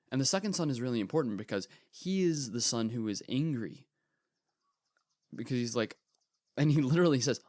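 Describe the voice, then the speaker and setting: A teenage boy hosting a podcast, retelling a parable in earnest, casual commentary with animated asides. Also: medium pitch, dry recording, clean studio sound. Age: teens. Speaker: podcast host.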